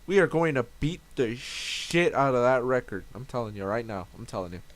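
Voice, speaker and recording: A man's voice: medium pitch, expressive, a little fast. A young man casually recapping a tabletop game session, rambling, swearing and correcting himself. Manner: rambling, self-interrupting, swearing.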